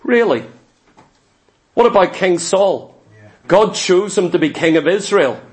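A pastor with a notably high-pitched male voice delivers a sermon. He preaches emphatically, pressing his listeners with rhetorical questions. He often repeats a word or two as he launches into a phrase. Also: lively intonation, a little slow. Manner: repeats words when starting phrases.

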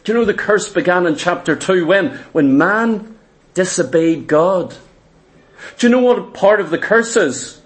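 A man preaching, his voice sitting unusually high. He builds his points through repetition and asks his listeners question after question. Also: lively intonation, unhurried. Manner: fervent, repetitive preaching cadence with rhetorical questions. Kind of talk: sermon.

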